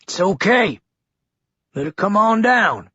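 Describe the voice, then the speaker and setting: A man voicing a menacing one-armed male town leader with a gravelly Georgia twang and exaggerated, theatrical enunciation, pitched higher and louder than his own husky voice. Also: very animated, slow pace, no echo, lo-fi sound, full character voice. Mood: sardonic, menacing.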